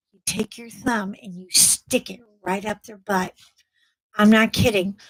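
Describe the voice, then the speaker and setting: A woman's voice: mid-range voice, a bit bright, dry recording, poor audio. A middle-aged woman hosting a casual live chat with viewers, blunt and chatty, often laughing as she talks. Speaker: livestream host.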